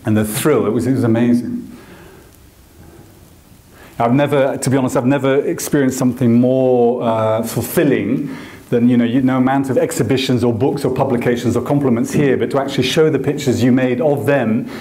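A male photographer giving an anecdotal lecture, telling stories with animated acted quotes. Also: medium pitch, a little fast, echoey room. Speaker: photographer and guest speaker. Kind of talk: storytelling lecture. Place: lecture hall.

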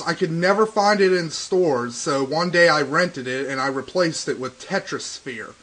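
A young man hosting a let's play, ranting and swearing in excitable, casual gaming commentary over faint game music. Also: on the high side, breathy edge.

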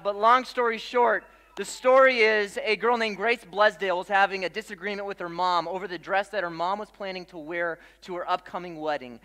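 Bright, lively young preacher in a hall. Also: male voice, sits high, brisk. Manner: joking, animated storyteller. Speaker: pastor. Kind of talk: sermon. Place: large church hall. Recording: long hall reverb.

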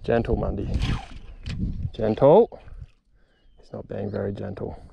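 A young man, a fishing vlogger, talking excitedly to camera and to the fish outdoors on the water, swearing as he goes. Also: lowish voice, unhurried, vocal fry, pauses often, slightly rough, dry recording, highs cut off. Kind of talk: excited solo fishing commentary.

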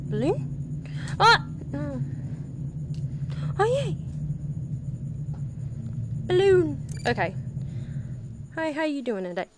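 A woman's voice: sits high, sing-song, drawn-out words, long pauses, noisy background. A young woman streaming a VR horror game at home, jumpy and prone to yelps while she counts aloud. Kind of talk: live-streamed VR horror gameplay commentary. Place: home room.

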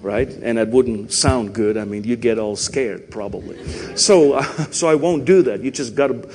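A man's voice: medium pitch, a little slow, a little mellow, long reverb tail, slight background noise. A man with a Canadian accent preaching a sermon in a church, chatty and conversational, often checking in with "right?" and "you know". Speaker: pastor. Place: church sanctuary.

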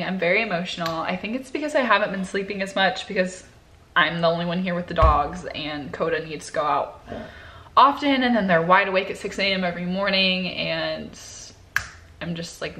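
A woman's voice: mid-range voice, a bit bright, a little hiss or hum. A young woman vlogging to camera from her home in a candid, chatty way. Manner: candid and chatty, talking straight to viewers. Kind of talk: casual vlog chat to camera.

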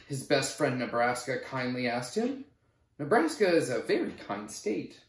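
A man reading a children's picture book aloud in an animated storytelling manner. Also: mid-range voice, measured pace. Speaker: storybook reader. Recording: roomy echo.

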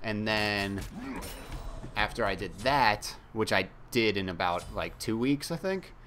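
A man's voice: lowish voice, lively intonation, a little slow, fairly bright tone, a little hiss or hum. A young man chatting casually while playing a game, rambling and mocking himself, with some swearing. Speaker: gaming YouTuber.

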